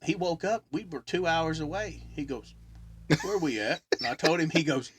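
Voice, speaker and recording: A man chatting casually, laughing and retelling stories with lively voices. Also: a little high, moderate pace, a little hiss or hum. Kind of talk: casual chat.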